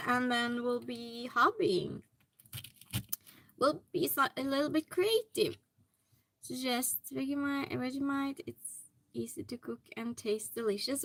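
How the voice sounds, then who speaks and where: Bright-voiced woman chatting on stream. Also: a little high, dry recording, rough recording. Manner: chatty, greets viewers by name. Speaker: hobby livestream host. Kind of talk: casual chat reading viewer comments. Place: home hobby room.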